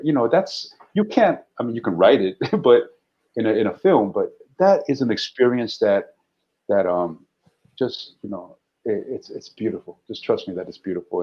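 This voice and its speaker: A man's voice: on the low side, dull audio. A man, an actor and guest, talking animatedly in a casual interview and often repeating words.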